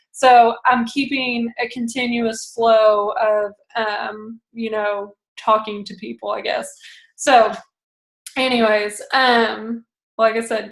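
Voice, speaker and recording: Young woman, slightly high voice, chatty coaching talk, echoey room. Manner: chatty, acts out phone calls in quoted voices. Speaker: direct sales consultant coaching a team. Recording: roomy echo.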